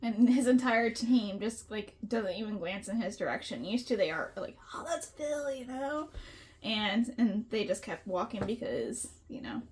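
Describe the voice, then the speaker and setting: A woman's voice: medium pitch, moderate pace, a little mellow, slight background noise. A woman co-hosting a casual book chat, laughing a lot and bluntly swearing at the characters. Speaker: book podcast co-host.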